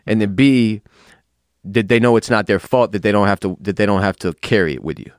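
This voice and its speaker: Low-voiced frank man, swearing freely. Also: fairly quick, smooth, no room sound, clean studio sound. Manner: frank, swears a lot, hesitant fillers. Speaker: podcast host. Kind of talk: candid casual conversation.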